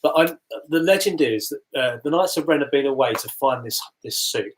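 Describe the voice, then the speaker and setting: A man's voice: medium pitch, expressive, a little fast, slight background noise. Man, podcast co-host, stuffy and sniffly, teasing banter. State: sniffly, coughing. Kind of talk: casual live-stream chat.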